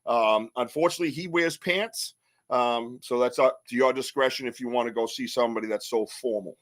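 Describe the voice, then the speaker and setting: A man's voice: mid-range voice, fairly quick, a bit bright. A man hosting a live podcast, chatting casually in a rambling, joking way and laughing often. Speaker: podcast host.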